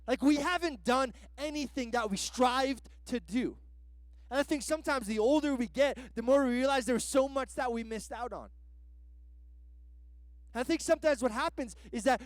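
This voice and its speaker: A man's voice: very high voice, no room sound. A man preaching a sermon as a guest pastor, in a casual, slangy way that is full of "like" fillers.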